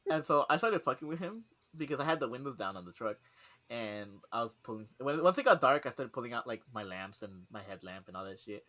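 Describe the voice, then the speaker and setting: In a mid-range voice that runs a little fast, a young man co-hosts a casual podcast chat. He tells stories animatedly, swearing freely and acting out quotes along the way.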